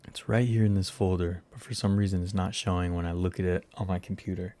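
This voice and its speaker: A man's voice: deep voice, flat delivery, quick pace, mellow. A man hosting a casual livestream, rambling and joking at himself as he chats with viewers. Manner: rambling, self-mocking, talks to viewers while searching. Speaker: livestream host.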